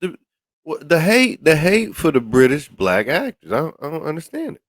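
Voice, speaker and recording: This is a dry, studio-quality recording of a man hosting a podcast, speaking at a moderate pace. His talk is casual commentary full of stammered restarts and repeated words, delivered with lively pitch swings.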